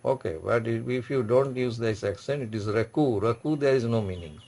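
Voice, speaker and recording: Gravelly-voiced man teaching a class. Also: mid-range voice, darkish tone. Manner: repetitive, explains slowly with many restarts. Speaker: French teacher. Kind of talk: classroom lecture.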